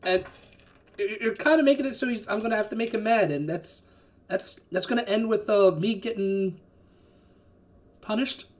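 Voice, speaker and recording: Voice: mid-range voice, normal speed, long pauses, pitched above the performer's own voice, close to an everyday voice. A game master voicing an anxious male henchman in a tabletop game who stammers and pleads. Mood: nervous pleading.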